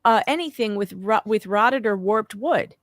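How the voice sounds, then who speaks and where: A woman's voice: mid-range voice, lively intonation, normal speed, no echo, clean studio sound. A woman co-hosting a livestream, chatting casually and explaining her points with indignant emphasis. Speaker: livestream co-host. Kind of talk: casual commentary chat.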